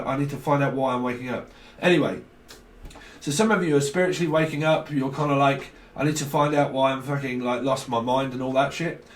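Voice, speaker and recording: Chatty, echoey man reading tarot. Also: mid-range voice. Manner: rambling, swearing, loose and chatty. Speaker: tarot reader. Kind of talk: casual rambling tarot reading.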